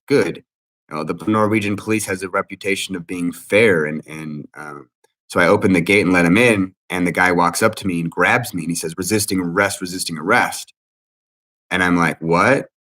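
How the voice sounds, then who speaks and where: Agitated, halting man with a very deep voice. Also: fairly bright tone. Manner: agitated, profane, halting with restarts. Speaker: interviewee. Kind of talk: emotional personal account.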